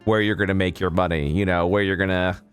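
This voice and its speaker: A man's voice: deep voice, steady tone, fast talker, smooth, soft background music. Swearing, ranting podcast guy. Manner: ranting, swears a lot, repeats himself. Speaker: podcast co-host. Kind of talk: casual podcast chat.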